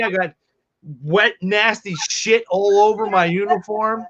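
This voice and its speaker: Man, casual swearing storyteller, slightly high voice, muffled lo-fi audio. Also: a little slow. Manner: profane, animated storyteller. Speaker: reptile livestream co-host. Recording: dull lo-fi stream audio.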